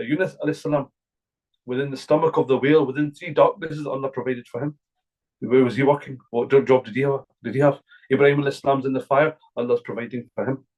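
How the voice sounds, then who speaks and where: A man's voice: medium pitch, darkish tone, low-quality recording. A middle-aged man from Glasgow, an imam giving an earnest, repetitive religious talk to a gathering. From Glasgow, Scotland. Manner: earnest, repetitive, emphatic preaching.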